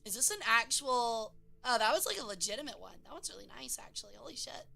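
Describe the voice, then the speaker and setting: A young woman streamer chatting casually, swearing, laughing and breaking into loud silly voices. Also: on the high side, animated, fast, gravelly.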